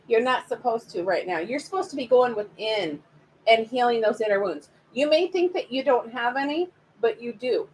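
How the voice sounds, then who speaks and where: A woman's voice: a little high, expressive, normal speed, slight background noise, rough recording. A woman giving live spiritual readings to viewers, chatty and affectionate, calling them by pet names. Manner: chatty, speaks straight to viewers. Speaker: spiritual reader. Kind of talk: live-streamed card reading.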